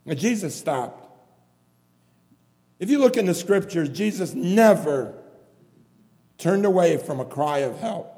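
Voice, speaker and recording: A man's voice: high-pitched, animated, measured pace, pauses often, warm tone. A man preaching a sermon in a church, pleading and impassioned, repeating his phrases for emphasis. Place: church hall. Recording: long hall reverb.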